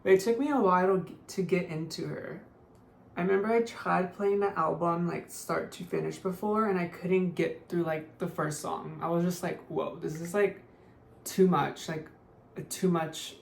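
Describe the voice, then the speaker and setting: A woman's voice: on the low side, fairly even intonation, normal speed, vocal fry. A young woman chatting casually through a makeup tutorial, full of "like" fillers and offhand remarks. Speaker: beauty vlogger. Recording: echoey room, faint noise.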